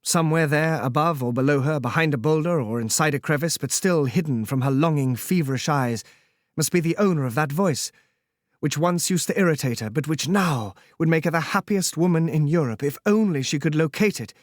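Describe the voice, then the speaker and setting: Male audiobook narrator: slightly high voice, measured solemn classic-novel reading, dry studio sound. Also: dry recording.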